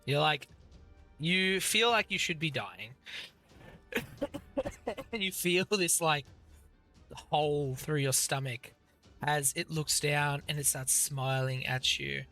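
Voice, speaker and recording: A man's voice: fairly high pitch, slow, pauses often, sharp tone, soft background music. A man narrating as game master of an actual-play tabletop game, vivid and descriptive with many fillers.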